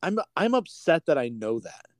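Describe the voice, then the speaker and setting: A man's voice: a little high, sing-song, moderate pace, no echo, clean studio sound. A man co-hosting a podcast in casual chat, rambling and swearing freely with many restarts. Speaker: podcast co-host.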